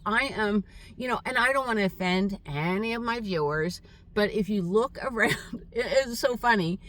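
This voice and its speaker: An older woman telling a rambling, halting story in a casual vlog monologue, with many fillers. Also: mid-range voice, fairly bright tone, distant mic. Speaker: vlogger. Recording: voice set back from the mic.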